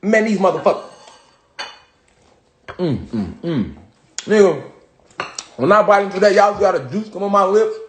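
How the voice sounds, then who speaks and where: A man's voice: high-pitched, expressive, normal speed, pauses often, slight background noise. A man teaching a casual, rambling lesson from home, profane and full of repeated "you know what I'm saying.". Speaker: spiritual teacher. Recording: roomy echo.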